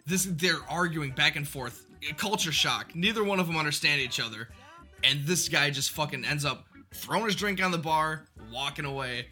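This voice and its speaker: Animated male podcast co-host telling stories, pitched a bit high, very bright. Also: moderate pace, faint music behind. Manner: animated, profane storytelling. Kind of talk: casual chat, storytelling.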